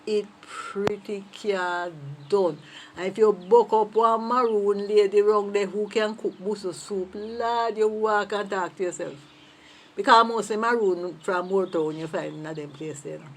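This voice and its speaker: A woman from Jamaica with a Jamaican accent, chatting playfully as a patois teacher telling a story with lively asides. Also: mid-range voice, unhurried.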